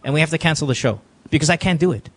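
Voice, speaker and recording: In a radio studio, a man with a slightly high, fairly bright voice hosts a call-in podcast at rapid-fire speed. He counsels callers with emotional, earnest, confessional talk, often repeating himself.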